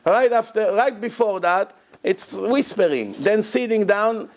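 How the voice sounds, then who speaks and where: Emphatic man lecturing, slightly high voice. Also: animated, a little slow. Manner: emphatic, repeats words for stress, non-native grammar; breaks into loud acted shouting of prayers and quotes. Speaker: rabbi lecturer. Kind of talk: Torah lecture to a congregation.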